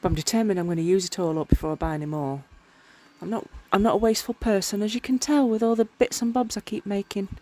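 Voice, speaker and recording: Here a woman with a medium-pitched, mellow voice talks fast and keeps a steady tone. She's a tired miniature crafter casually narrating her vlog, rambling and tripping over words as she works.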